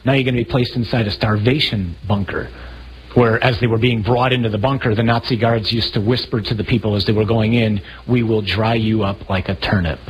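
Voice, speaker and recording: A man preaching a sermon, telling stories with animated, acted-out scenes. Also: mid-range voice, fairly quick, muffled recording, a little hiss or hum. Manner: animated storytelling, acting out scenes with raised voice. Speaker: priest.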